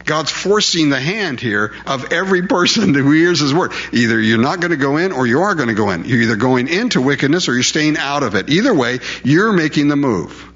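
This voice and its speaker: A man preaching a sermon, animated and full of rhetorical questions, acting out quotes in different voices. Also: a little high, a little fast, few pauses. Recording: dull lo-fi recording.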